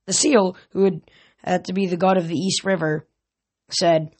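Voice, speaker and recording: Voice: medium pitch, steady tone, moderate pace. A casual first-person audiobook narration with a plain, unpolished delivery. The reader often stumbles over a word and corrects it before going on. It sounds like a home reading rather than a studio production.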